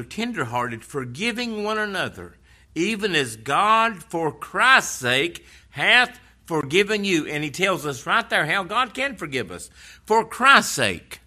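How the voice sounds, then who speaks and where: A man's voice: sits high, big pitch swings, unhurried, pushed and bright. A man preaching a sermon in an earnest, conversational way, retelling scripture stories.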